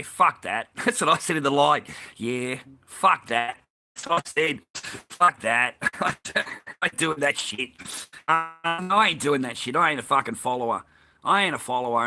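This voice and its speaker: A man's voice: mid-range voice, bright, forceful tone. A man with an Australian accent delivering an angry, profane, repetitive ranting monologue as a vlogger.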